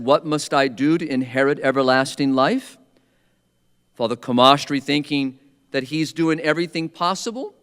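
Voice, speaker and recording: A man giving an earnest, measured sermon, slowing down for emphasis. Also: medium pitch, fairly bright tone, clean tone, long reverb tail. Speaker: preacher.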